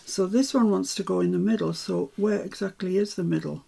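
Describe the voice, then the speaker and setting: Gravelly older woman. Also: fairly low pitch, brisk, dark tone. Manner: chatty, self-mocking asides. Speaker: craft tutor. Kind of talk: live craft demonstration.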